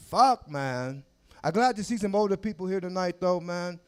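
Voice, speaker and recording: A man in his forties tells crude stories on a comedy club stage, his voice very high and swinging widely in pitch. He talks loudly into a handheld mic and shouts his punchlines. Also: moderate pace. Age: 40s. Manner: loud, crude, animated storytelling with shouted asides. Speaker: stand-up comedian. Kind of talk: stand-up comedy set.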